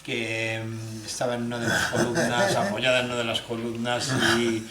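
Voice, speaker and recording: A man interpreting a talk into another language, pausing and searching for words with many fillers and restarts. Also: medium pitch, completely flat delivery. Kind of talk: consecutive interpreting. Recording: echoey hall with clear background noise.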